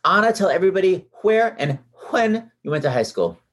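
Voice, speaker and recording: A man's voice: high-pitched, a little fast. A man in his fifties hosting a podcast, telling chatty stories and acting out other voices with big exclamations. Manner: animated, acts out quoted voices with big exclamations. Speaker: podcast host. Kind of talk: chatty anecdotal storytelling.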